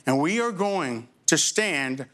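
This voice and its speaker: A middle-aged man preaching a sermon as pastor to his congregation in a church, with impassioned emphasis that rises high and then drops low and slow. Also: animated, a bit bright. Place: church sanctuary before a congregation.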